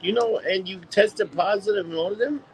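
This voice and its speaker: Gravelly-voiced excitable man. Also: high voice, brisk, slight background noise, rough recording. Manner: excitable, exclamatory reactions. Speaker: podcast co-host. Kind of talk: casual podcast chat.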